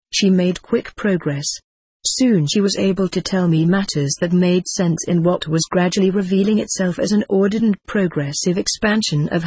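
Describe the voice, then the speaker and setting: A narrator reading a first-person memoir aloud in a steady, unhurried audiobook style. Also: mid-range voice, husky, no room sound.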